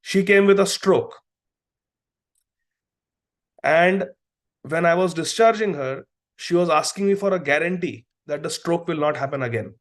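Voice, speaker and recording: This is a middle-aged man teaching a devotional class, and his speaking voice sits on the high side. He talks earnestly and builds his points through stories from his work as a doctor. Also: lively intonation, a little slow, pauses often. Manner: earnest, storytelling with acted quotes. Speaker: preacher and physician.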